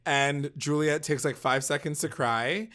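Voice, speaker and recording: A man co-hosting a casual podcast recap, talking in a slightly raised voice. He is animated and swears freely. He slips into exaggerated impressions of the people he describes. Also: a little high, a little slow. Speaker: podcast co-host.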